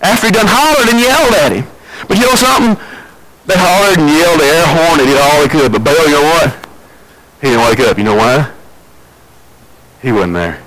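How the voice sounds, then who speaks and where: A man preaching a sermon, telling the story with big swings between loud and quiet and repeating phrases for emphasis. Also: a little high, lively intonation, normal speed, long pauses, slight background noise, poor audio.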